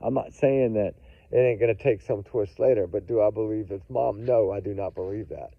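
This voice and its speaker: With a fairly low voice, vocal fry, and a moderate pace, a man gives his viewers casual true crime commentary. He's emphatic and repetitive, addressing them as "y'all," over tinny, phone-like audio that's dry.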